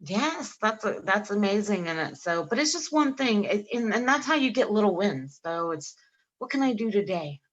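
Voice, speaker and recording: With a medium-pitched voice at normal speed on a muffled recording, a middle-aged podcast co-host tells lively stories in casual chat. She acts out both parts of the dialogue and laughs often mid-sentence.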